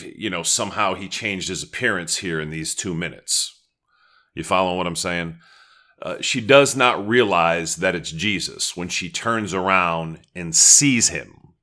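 Male pastor, deep bright voice, casual sermon delivery with prayer asides. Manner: conversational teaching with prayerful asides.

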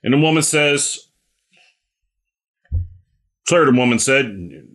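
A male preacher giving a conversational sermon, repeating phrases and filling pauses with "um.". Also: fairly low pitch, animated, bright, forceful tone.

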